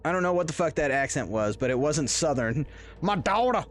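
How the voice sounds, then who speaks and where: Livestreaming a horror game, a man with a medium-pitched, lively, fairly quick voice jokes around and rambles. Much of his casual commentary is aimed at his viewers in chat.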